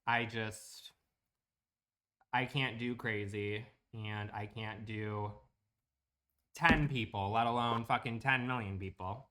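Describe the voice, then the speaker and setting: A man's voice: fairly low pitch, fairly even intonation, takes it slowly, pauses often, bright, forceful tone, a little hiss or hum. A man chatting bluntly and profanely with viewers while streaming a building game. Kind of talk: casual livestream chat.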